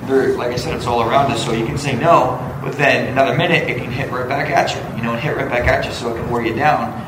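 Quick, earnest man in an echoey room. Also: mid-range voice, steady tone, noisy background. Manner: earnest, halting. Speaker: guest. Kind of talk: casual discussion. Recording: echoey room with loud background ambience.

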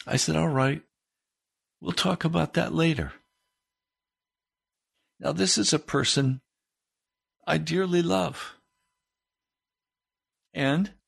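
A man preaching a sermon as pastor, swinging his pitch up into emphatic questions. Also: gravelly, fairly bright tone.

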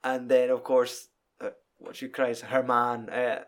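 Animated Scottish man, casual chat. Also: medium pitch. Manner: animated, swears freely, acts out scenes with quick voices and laughter.

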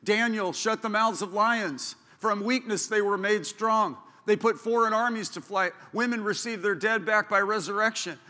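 A man preaches with fervor, his voice pitched high and bright as he builds to loud declarations. The sound carries the long reverb of a church hall. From Southern California. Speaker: pastor. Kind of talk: sermon. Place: church sanctuary.

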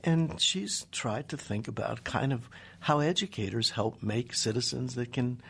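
A man's voice: medium pitch, unhurried, vocal fry, a bit bright, slight background noise. A man interviewed as a scientist guest, telling stories with enthusiasm and acting out what others said. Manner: enthusiastic storyteller, acts out quoted voices. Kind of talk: animated radio interview.

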